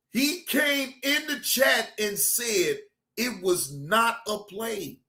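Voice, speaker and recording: Excitable laughing male reaction host. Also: very high voice, drawn-out words, echoey room. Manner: excitable, laughing often, profane, repetitive. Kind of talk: animated reaction commentary.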